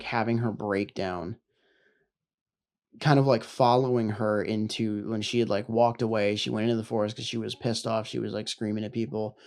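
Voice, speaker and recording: A man's voice: lowish voice, darkish tone. A young man co-hosting a podcast, chatting loosely about his tabletop character, with lots of fillers and casual swearing. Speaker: podcast co-host, tabletop player.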